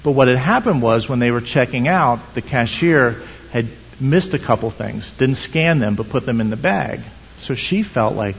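A man's voice: mid-range voice, animated, normal speed, vocal fry, a little hiss or hum. A man preaching a sermon in an earnest, storytelling manner with many rhetorical questions. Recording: dull sound in echoey hall.

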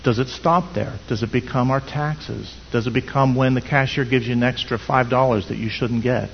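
A man's voice: mid-range voice, steady tone, moderate pace, vocal fry, a little hiss or hum. A man preaching a sermon in an earnest, storytelling manner with many rhetorical questions. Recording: dull sound in echoey hall.

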